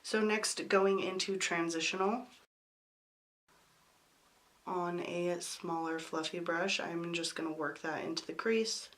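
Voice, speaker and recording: Hoarse, sick-sounding woman vlogger. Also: lowish voice, fairly even intonation, slow pace, long pauses, noisy background. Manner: apologetic, chatty. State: hoarse from a cold. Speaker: beauty vlogger. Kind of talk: makeup tutorial talk.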